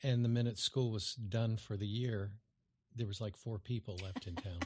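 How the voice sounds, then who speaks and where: A man's voice: on the low side, steady tone, moderate pace, no room sound, studio quality. A man co-hosting a podcast, reacting briefly and telling a short anecdote in casual chat. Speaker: podcast co-host.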